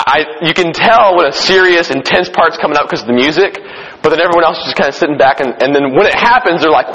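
Pastor, male, relaxed sermon full of restarts and audience questions; dull lo-fi capture. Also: fairly high pitch, husky. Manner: conversational, frequent restarts, questions the congregation. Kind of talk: informal sermon. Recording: long hall reverb, dull lo-fi sound.

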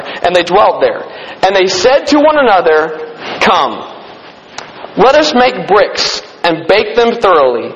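A man preaching a sermon to a room, reading scripture aloud and stopping to stress points. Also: sits high. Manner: animated preaching, reads scripture aloud with emphatic pauses. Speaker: pastor. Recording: dull reverberant hall sound.

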